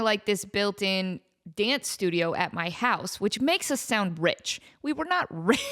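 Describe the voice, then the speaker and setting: A woman in her thirties hosting a podcast in casual chat, animated and joking at her own expense. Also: medium pitch. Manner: animated, self-mocking, joking. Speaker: podcast host.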